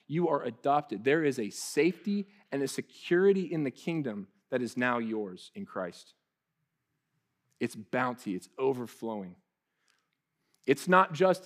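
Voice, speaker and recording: A young man preaching a sermon in a lively, conversational way, often restarting his sentences. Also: medium pitch, moderate pace. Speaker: pastor.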